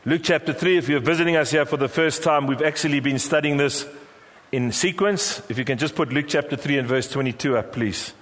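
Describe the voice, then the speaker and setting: A man's voice: fairly high pitch, a little fast, a bit bright. A middle-aged South African man preaching a sermon as pastor, prompting the congregation to repeat phrases back to him. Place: large church hall. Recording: long hall reverb.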